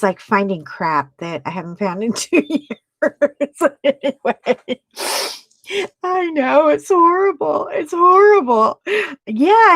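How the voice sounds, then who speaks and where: A livestream host with a high-leaning voice chats casually with viewers as she crafts, with no echo on the recording. She rambles, laughs often and lets sentences trail off.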